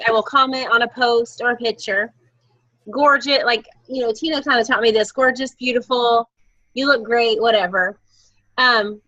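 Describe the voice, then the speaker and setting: A woman coaches her team over a video call, her voice bright and a touch high. She talks in a chatty, candid way, telling stories as she goes. The sound is dry and a little dull, as a laptop mic gives it. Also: no echo. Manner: chatty, candid, lively storytelling.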